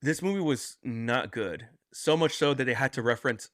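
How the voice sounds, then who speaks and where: A man's voice: mid-range voice, moderate pace, fairly bright tone, dry recording, studio quality. A man hosting a casual movie review chat, rambling and quoting lines from the film. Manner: rambling, with restarts and quoted lines. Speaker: podcast host.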